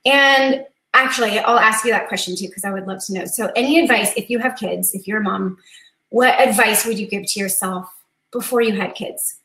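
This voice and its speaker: A woman's voice: medium pitch, brisk, sharp tone. A woman in her thirties hosting a casual live-stream chat, earnest and chatty, laughing easily and getting teary. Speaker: host of a live coffee chat. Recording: echoey room.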